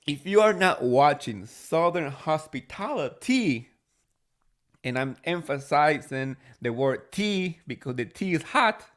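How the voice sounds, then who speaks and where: Slow, chatty man gossiping about reality TV. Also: fairly high pitch. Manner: chatty, gushing, addresses viewers directly. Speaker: podcast host. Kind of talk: casual reality TV gossip recap.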